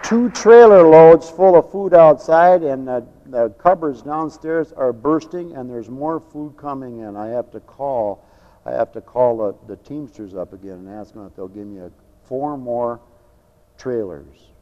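A middle-aged man preaching a fiery sermon, swinging from loud shouts to quiet joking asides. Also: mid-range voice, unhurried, in a large hall, muffled recording. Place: large church hall.

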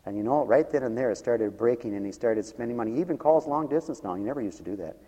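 A middle-aged male preacher tells a story from the pulpit, circling back on his words and jumping between quiet asides and big dramatic bursts. His voice sits in an ordinary male register. The sound carries a long reverb from a church hall. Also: medium pitch, fast, highs cut off. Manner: animated, swings from hushed asides to loud dramatic outbursts; rambling with repeated restarts. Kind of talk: storytelling sermon. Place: church with a balcony.

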